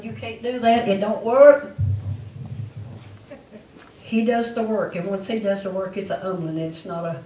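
A woman's voice: medium pitch, normal speed, a little mellow, slight background noise. A woman preaching a testimony sermon to her church with an emphatic, repetitive delivery. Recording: echoey room, mic far off.

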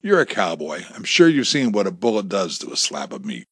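A man's voice: low voice, huge pitch swings, fairly quick, husky, no echo, clean studio sound, full character voice. A man voicing a cruel, bossy male gunman who barks orders. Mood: threatening. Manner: barking, bullying orders. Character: menacing armed male thug, bossy, cruel.

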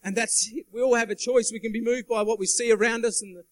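A man's voice: very high-pitched, steady tone, fast talker, dry recording, rough recording. A man preaching a sermon in a church, earnest and emphatic, calling out to the congregation. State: sweating. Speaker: guest preacher.

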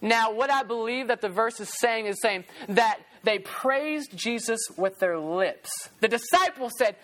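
Brief: lively woman youth preacher, higher voice, animated storyteller. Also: unhurried. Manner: animated storytelling, acting out quotes. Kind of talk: sermon to a youth group.

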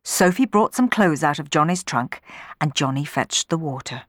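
A woman reading a children's storybook aloud in an expressive way, changing her voice for the characters. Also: low voice, normal speed, no room sound, studio quality.

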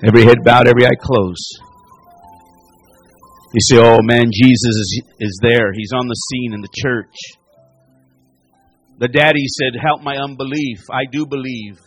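A pastor delivering a sermon and altar call, repeating phrases and rising to near-shouts as he preaches. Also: medium pitch, fairly even intonation, measured pace, pauses often, slightly rough, no echo, faint music behind.

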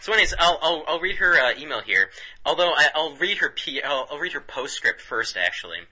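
Male podcast co-host, loose rambling banter, laughs a lot; forceful, husky voice on a dull, lo-fi recording. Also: a little high, sing-song, a little fast. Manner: rambling, laughs often, many restarts. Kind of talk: casual comedic banter.

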